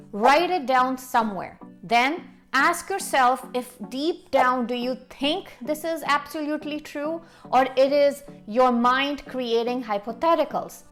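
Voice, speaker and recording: Earnest woman life coach, higher voice. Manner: earnest, instructive, direct advice. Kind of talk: motivational coaching talk.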